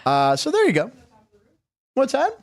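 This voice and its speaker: A man's voice: extremely high pitch, wildly swooping pitch, measured pace. A man hosting a sports podcast, chatting casually with wry, sarcastic asides.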